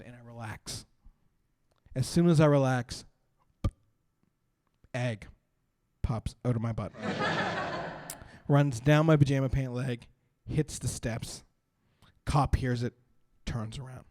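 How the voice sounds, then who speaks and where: A man, doing an animated stand-up set and laughing through his stories at a brewery. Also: fairly high pitch, normal speed, long pauses, dry recording. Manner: animated storytelling with bursts of laughter. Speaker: stand-up comedian. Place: brewery stage.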